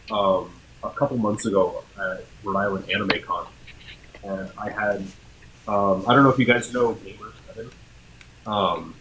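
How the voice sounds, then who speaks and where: A man's voice: fairly low pitch, fairly bright tone, slight background noise, poor audio. A young man chatting casually on a live stream, telling rambling anecdotes with lots of fillers and self-deprecating laughs. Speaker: content creator on a group live stream. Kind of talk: casual chat.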